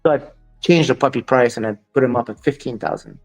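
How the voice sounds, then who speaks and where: Faint music sits behind a dog breeder speaking as an interview guest at a quick clip. His medium-pitched voice is slightly mellow, and his stories come out blunt and dismissive of critics, peppered with quoted dialogue.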